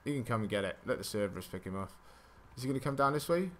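A young man giving live commentary over his own gameplay. He is excitable, swears often and mocks his own play. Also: mid-range voice, very fast, background noise. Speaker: gaming channel host.

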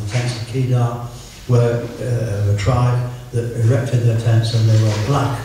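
An older man gives a relaxed sermon in a mellow, low-lit voice. He teases himself and the room, then turns slow and earnest for scripture. His voice is picked up from a distance in a strongly echoing hall. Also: a little hiss or hum. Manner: chatty, self-mocking, slows right down for scripture. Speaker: preacher. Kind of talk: informal sermon. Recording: echoey room, voice from far off.

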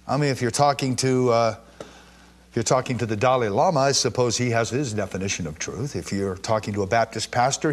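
A man from Jerusalem teaching the Bible to a live and streaming audience, reading verses with emphatic stress and stumbling through quick restarts. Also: medium pitch, breathy edge.

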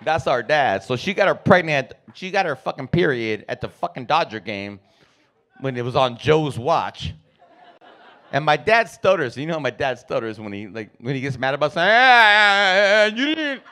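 A man's voice: mid-range voice, lively intonation, normal speed, a bit bright. A man doing stand-up comedy, telling profane family stories and acting out his relatives. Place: comedy club stage.

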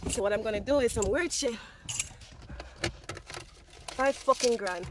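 A woman's voice: on the high side, a little slow. A young woman vlogging outdoors on a phone, talking to herself, swearing, venting her frustration and then hyping herself up. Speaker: travel vlogger. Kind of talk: casual vlog monologue. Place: outdoors by the coast. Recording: phone video with loud outdoor noise.

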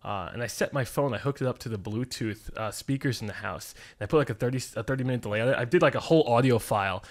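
A young man in a casual chat with friends, telling a story in a rambling way and correcting himself as he goes. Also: mid-range voice. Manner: fast, rambling, self-correcting.

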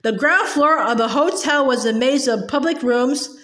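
Lady reading a kids book out loud, high voice, lots of stumbles, echoey room. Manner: halting, with frequent restarts and repeated words. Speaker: storybook reader. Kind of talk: reading a children's novel aloud. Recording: roomy echo.

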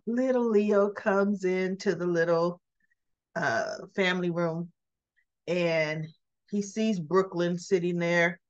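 A woman's voice: on the low side, fairly even intonation, takes it slowly, highs cut off. Chatty woman recapping soap episodes. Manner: chatty, giggly, acts out the quotes. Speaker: soap opera recap vlogger. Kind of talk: casual recap, retelling scenes.

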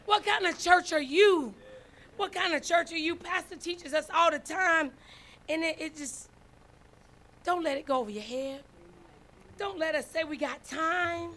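A woman preaching a sermon to her congregation as the church's first lady. She swings from hushed pleading to shouted exhortation and calls out to the people. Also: very high-pitched, unhurried, pauses often.

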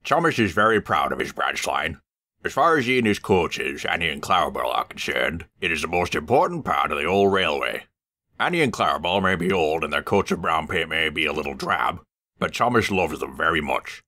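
Deep, lively storybook narrator man. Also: brisk. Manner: expressive storybook reading. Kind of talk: reading a children's story aloud.

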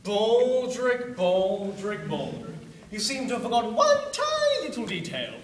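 A man's voice: sits high, wildly swooping pitch, measured pace, a little hiss or hum, exaggerated voice. A young man playing a sarcastic, scornful army captain in a solo school drama performance. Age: young adult. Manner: cutting, dry sarcasm. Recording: echoey room, far camera.

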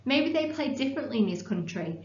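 A woman's voice: high-pitched, big pitch swings, a little fast, voice pushed up. A woman voicing an earnest, patient young schoolboy explaining football, heard in an echoey room with a dull sound.

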